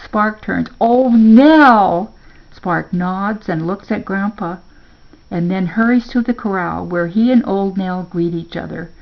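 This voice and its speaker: Older lady reading a kids story, slow and gravelly, muffled lo-fi sound. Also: fairly low pitch. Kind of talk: reading a children's story aloud.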